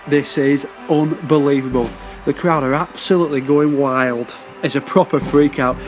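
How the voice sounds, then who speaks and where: A man narrating a story like excitable live sports commentary, swearing freely. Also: on the high side, moderate pace, soft background music.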